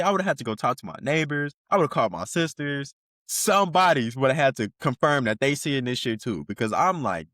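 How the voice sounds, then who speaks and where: Lively profane podcast host, a man. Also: medium pitch, brisk, dry recording, studio quality. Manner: profane slang-heavy banter, laughs often. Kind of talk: casual commentary.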